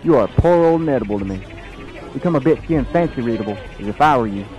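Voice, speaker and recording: A man voices a suspicious, plainspoken backwoods man in a radio play. He talks in a folksy drawl at a middling pitch, while soft music plays behind him. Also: lively intonation, fast, natural voice. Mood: blunt.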